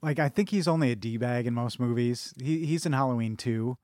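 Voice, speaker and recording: A man's voice: mid-range voice, normal speed, darkish tone, no echo, clean studio sound. A man co-hosting a casual film podcast, talking in rambling bursts with many restarts. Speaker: podcast co-host.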